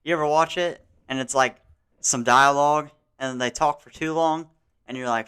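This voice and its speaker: A young man cracking sarcastic jokes in crude podcast chat. His voice is bright and tense, sits slightly high, and comes across smooth and resonant. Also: fairly even intonation, normal speed. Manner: joking, sarcastic. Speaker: podcast co-host.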